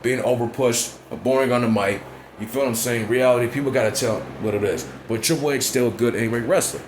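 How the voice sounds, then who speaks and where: Against a noisy background, a brisk, medium-pitched male vlogger who covers wrestling gives a casual, opinionated rant. His talk is blunt and profane, peppered with "you know what I'm saying?"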